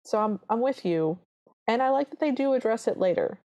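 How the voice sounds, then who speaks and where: On a podcast she co-hosts, a woman with a rather high voice recaps a film at a fairly quick clip. The talk is casual and her storytelling is animated, with the characters' quoted lines acted out as she goes.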